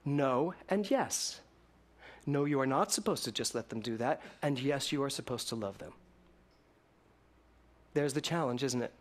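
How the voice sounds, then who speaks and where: A man preaching a sermon to a congregation, swinging between loud emphatic lines and hushed ones. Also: medium pitch, expressive, normal speed, pauses often. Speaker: minister.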